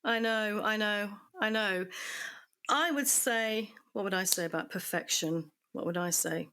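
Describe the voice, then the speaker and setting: A woman hosting a podcast in casual chat, effusive and quick to laugh. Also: mid-range voice. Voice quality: chatty, laughs often, warm and effusive. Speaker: podcast host.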